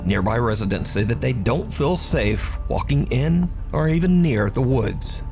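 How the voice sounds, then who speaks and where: A man giving scripted narration for a countdown video, in a steady, measured storytelling voice. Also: mid-range voice, creaky. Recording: narration over loud background music.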